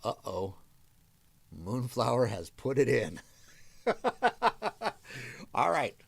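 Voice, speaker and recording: A man's voice: mid-range voice, lively intonation, extremely slow, gravelly, slightly rough. A man hosting a livestream, chatting casually with viewers, thinking aloud and thanking them often. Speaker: livestream host reading requests aloud.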